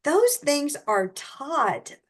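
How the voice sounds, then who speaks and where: A woman's voice: sits high, big pitch swings, drawn-out words. A woman co-hosting a podcast, explaining brain science casually with everyday examples. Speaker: podcast co-host, educational neuroscience expert.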